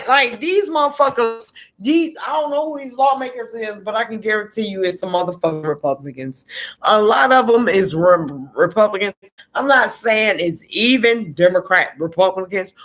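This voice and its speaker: Heated, profane woman ranting about politics. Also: fairly high pitch. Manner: repeats words for emphasis. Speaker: political commentator.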